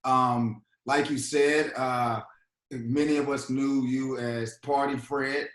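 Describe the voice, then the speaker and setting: A relaxed man co-hosts a casual interview, affirming his guest and filling his pauses with plenty of ums. His voice is at a middle pitch, and the room around him echoes noticeably. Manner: relaxed, affirming, many fillers. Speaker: co-host.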